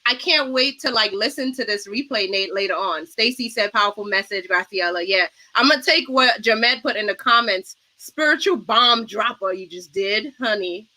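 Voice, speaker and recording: A woman's voice: mid-range voice, lively intonation, normal speed, hardly any pauses, sharp tone, rough recording. A woman, hosting a livestream panel talk show and reading out viewer comments. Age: 40s. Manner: effusive, reads out viewer comments.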